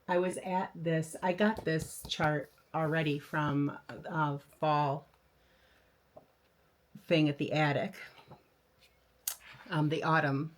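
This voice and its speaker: A woman's voice: sits low, a little hiss or hum. Older woman, craft video host, casual show-and-tell, rambling, enthusiastic. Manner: chatty, enthusiastic, rambling with fillers. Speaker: flosstube host.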